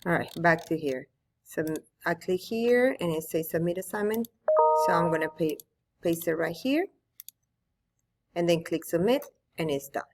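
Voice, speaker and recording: A woman's voice: on the low side, expressive, moderate pace, darkish tone, slight background noise. A woman teacher walking students through an online tool, patiently explaining step by step at her computer. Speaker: Spanish teacher. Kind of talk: screen-recorded tutorial.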